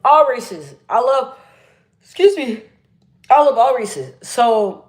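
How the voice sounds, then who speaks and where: A woman's voice: on the high side, sing-song, slow. Chatty young woman livestreaming. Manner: chatty, laughs often, reads comments aloud. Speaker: livestream host. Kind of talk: casual livestream chat reading comments.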